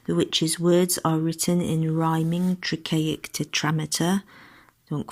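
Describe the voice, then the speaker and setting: Woman, low-ish voice; teacher-trainer reading lesson steps and English sample answers. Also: darkish tone. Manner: switches between French instructions and read English model answers. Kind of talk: recorded lesson guidance.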